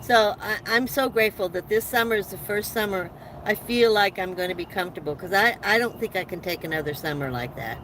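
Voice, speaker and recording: Her mid-range, slightly bright voice moves fairly quickly as she hosts a casual live chat in her van. She laughs and restarts often while rambling through stories, and the rough recording has a little hiss or hum.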